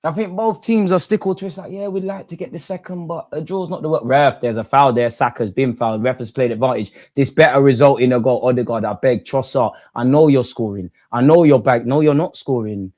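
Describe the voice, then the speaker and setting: A young man hosting a football watch-along, reacting live, shouting at players and the referee in heavy slang. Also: mid-range voice, a little fast, hardly any pauses. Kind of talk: live match reaction commentary.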